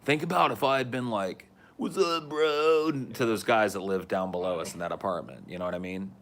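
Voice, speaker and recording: A man's voice: low voice, lively intonation, fast talker, fairly bright tone, a little hiss or hum. A man in his thirties with a Californian accent, chatting casually on a podcast in a laid-back stoner drawl and swearing freely. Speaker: podcast host. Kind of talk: casual chat.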